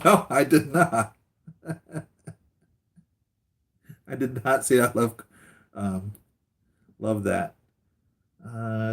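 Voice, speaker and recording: Male channel host with a low voice, casual and rambling, full of fillers and restarts. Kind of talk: casual chat.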